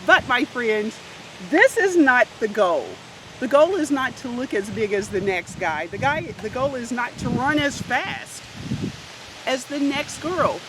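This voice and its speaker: An animated woman gives a health and fitness lesson to children, stressing words and asking them questions directly. Her voice sits a little high. A steady hiss runs under the recording, which was made outdoors. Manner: animated, emphatic, addresses kids directly. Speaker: health and physical education teacher.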